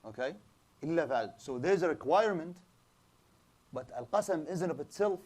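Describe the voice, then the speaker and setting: A man's voice: on the high side, animated, normal speed, darkish tone. A man teaching an Islamic studies class, explaining in English mixed with Arabic terms and often repeating and restarting words as he answers students. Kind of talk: classroom lecture with student questions.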